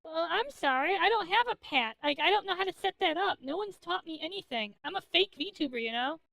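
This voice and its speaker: High, gravelly-voiced woman streamer rambling manically. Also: lively intonation, fairly quick, sharp tone, dry recording, poor audio. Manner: manic, rambling and jokey, swearing. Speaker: VTuber streamer. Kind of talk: casual gaming stream chat.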